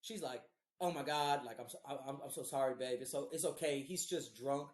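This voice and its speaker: A man's voice: mid-range voice, animated, fast talker. A man in his thirties hosting a podcast, telling a profane story in casual chat and acting out what people said. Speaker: podcast host. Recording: roomy echo.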